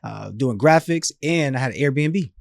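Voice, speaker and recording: A man in his thirties, a podcast guest, telling his life story in an animated, emphatic, casual way with slang. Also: mid-range voice, measured pace, vocal fry, no echo, studio quality.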